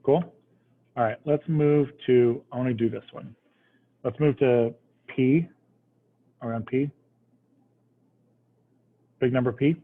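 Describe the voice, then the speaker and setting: A man's voice: mid-range voice, fairly even intonation, slow pace, pauses often. A man teaching a history class in a casual, conversational way, often checking in with the students. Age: adult, past military service. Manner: conversational, checks understanding with "right?". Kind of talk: classroom lecture. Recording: tinny phone-like recording.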